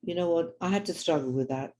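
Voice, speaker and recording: A woman's voice: on the low side, fast, dark tone, low-quality recording. An older woman with a London accent telling personal stories earnestly, acting out the people she quotes. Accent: London English. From grew up in London. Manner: earnest storyteller who acts out quoted people. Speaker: Jewish women's teacher and speaker. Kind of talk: personal storytelling talk.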